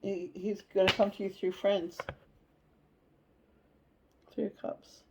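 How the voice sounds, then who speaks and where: A woman giving a casual tarot reading, chatty and animated, blunt, and she swears now and then. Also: medium pitch, slow, pauses often, noisy background. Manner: chatty and animated, acts out inner voices. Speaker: tarot reader.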